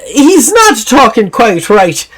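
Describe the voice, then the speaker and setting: A man's voice: very high-pitched, wildly swooping pitch, slow pace, fairly bright tone, slightly rough, voice pushed up, full character voice. A man putting on a brassy woman sailor. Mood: fussing.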